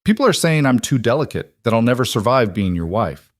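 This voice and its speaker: A man's voice: medium pitch, big pitch swings, brisk, no room sound, studio quality, natural voice. A man voicing a small, frail but stubborn young woman, earnest and pleading, in a storybook reading.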